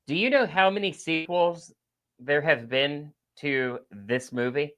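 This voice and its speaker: A man's voice: a little high, unhurried, muffled recording. A man guesting on a podcast, talking with enthusiasm and laughs in casual chat. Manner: enthusiastic, laughing, gushing fan talk.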